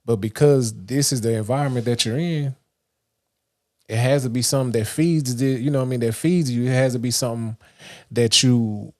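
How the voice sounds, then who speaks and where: The livestream host, a Dallas, Texas man, gives a loose motivational monologue in a mid-range, darkish voice with fairly even intonation and a slightly fast pace. It rambles, with frequent restarts and fillers.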